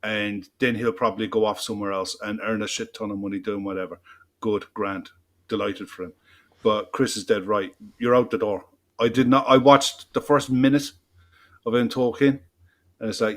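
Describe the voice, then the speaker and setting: A man's voice: fairly low pitch, fairly even intonation, normal speed. Blunt, emphatic football podcast man. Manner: blunt, emphatic, swears freely. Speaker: podcast co-host. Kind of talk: casual football chat.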